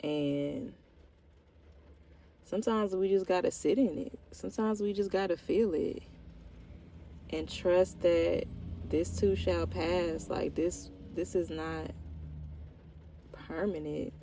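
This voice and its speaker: Gravelly-voiced woman in a candid vlog. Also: lowish voice, takes it slowly, long pauses, dark tone, a little hiss or hum, rough recording. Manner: rambling, heartfelt, fillers of "like". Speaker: vlogger. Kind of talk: candid personal vlog confession.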